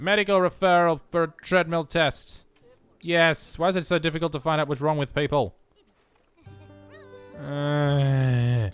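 A man's voice: mid-range voice, smooth. A young man giving casual, self-mocking let's-play commentary, chatting to the game as he plays. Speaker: gaming video host.

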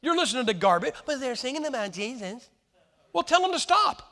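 A preacher in his sixties delivers a folksy sermon, throwing rhetorical questions at his listeners in a high, gravelly voice that is very animated, fairly quick, bright and forceful. A long hall reverb trails behind every phrase.

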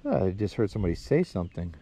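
A man hosting a paranormal vlog, talking in a hushed, halting, emotional way at a cemetery. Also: deep voice, very animated, husky. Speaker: paranormal vlogger host. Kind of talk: casual ghost-hunting vlog commentary. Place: outdoors and in a car at a cemetery.

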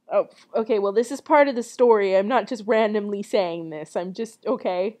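A woman's voice: on the high side, moderate pace. A woman reading a fairy tale aloud in a casual, giggly way, often breaking off to comment. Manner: animated, giggly, self-interrupting. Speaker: storyteller. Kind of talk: casual read-aloud with chatty asides.

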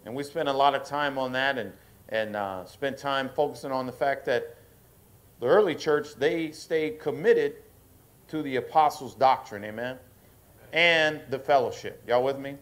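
A man preaching as a pastor at a church service, often asking the congregation to answer back and slowing down to stress key points. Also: medium pitch, a bit bright. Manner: call-and-response preaching, asks the congregation to affirm; slows down and rises in force for emphasis. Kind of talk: sermon.

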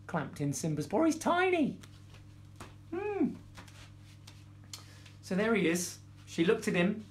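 A man's voice: high-pitched, fairly bright tone. A man reading a bedtime story aloud, playful, with jokey asides to the listener. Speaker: storyteller, former children's TV presenter.

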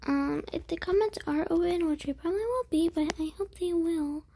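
A woman giving casual, chatty commentary while playing a game, full of fillers and quiet whispered asides. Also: extremely high pitch, normal speed, slight background noise. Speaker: gaming video creator. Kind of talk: casual let's-play commentary.

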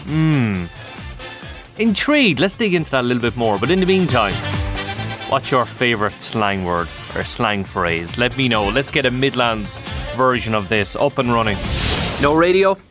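A man's voice: mid-range voice, animated, normal speed, over music. An Irish man hosting a breakfast radio show, chatty and jokey, laughing often.

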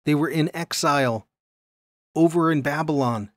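A man teaching a Bible lesson on video in an animated way, often checking in with his listeners. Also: mid-range voice, unhurried, dry recording, studio quality.

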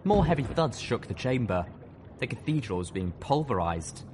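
A man's voice: mid-range voice, very animated, moderate pace. A man reading a fan novel aloud as an audiobook, in intense first-person narration. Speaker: audiobook reader. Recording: noisy with battle sound effects.

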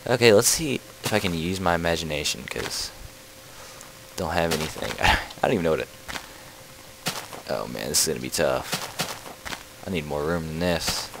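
A very low, gravelly male voice that jumps all over the place, joking and trash-talking animals as he plays. Easily sidetracked, he chats casually to his viewers. Clear background noise runs through a rough home recording. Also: expressive, normal speed, long pauses. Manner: playful, jokey trash talk at game animals; rambling, easily distracted chatter. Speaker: let's play host. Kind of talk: casual gaming commentary.

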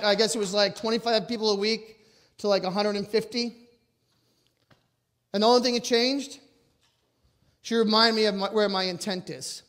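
Loud, high-voiced man telling his story. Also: a little hiss or hum. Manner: loud and emphatic. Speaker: motivational speaker. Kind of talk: personal storytelling talk to an audience.

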